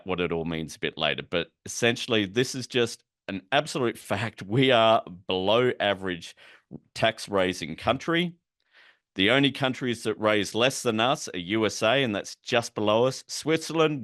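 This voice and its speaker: A man with a low, smooth voice walks listeners through an economic policy lesson in a relaxed, conversational way. He explains terms as he goes and drops in wry asides. The sound is close and dry, with no room echo. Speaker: policy educator. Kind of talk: recorded explanatory lecture.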